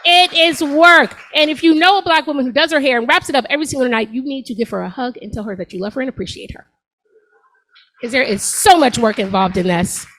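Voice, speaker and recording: A woman's voice: on the high side, fast, poor audio. A woman in her forties doing a stand-up set on a comedy club stage, talking to the crowd in a sassy, conversational way. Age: 40s.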